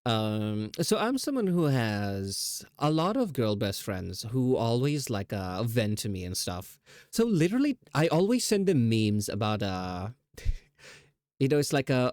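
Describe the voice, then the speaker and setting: A man's voice: medium pitch, sing-song, normal speed, darkish tone, dry recording, clean studio sound. A man streaming live, chatting casually in a rambling, self-teasing way with laughs.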